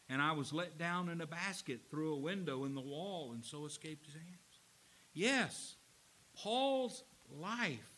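High, bright-voiced male preacher. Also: rough recording. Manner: earnest preaching, slows for emphasis. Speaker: pastor. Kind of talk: sermon.

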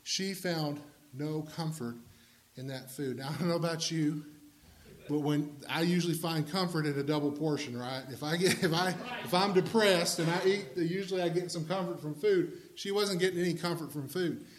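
A man's voice: a little high, moderate pace. A man preaching a sermon in a conversational way, with humorous asides to the congregation.

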